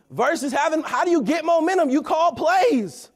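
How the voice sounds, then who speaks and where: Guy in his 30s with a really high voice, preachy pep talk, keeps saying right?. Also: animated, moderate pace, few pauses. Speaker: motivational speaker at a company event. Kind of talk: motivational talk.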